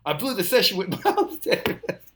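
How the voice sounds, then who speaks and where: An older man, a musician guest, telling an animated story, laughing often and acting out the quotes. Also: sits high, brisk, slight background noise.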